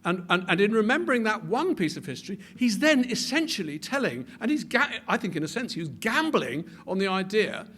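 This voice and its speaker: A man giving a public talk with animated delivery, building to emphatic peaks and often repeating words as he restarts his sentences. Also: high voice, a little fast, hardly any pauses, slightly rough. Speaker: speaker.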